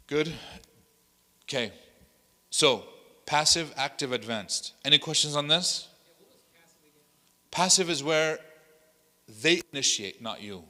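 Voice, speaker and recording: In a large hall at an Islamic center, an imam leads a workshop lecture, telling stories animatedly and acting out what people said while mixing Arabic phrases into his English. His voice is mid-range, bright and forceful.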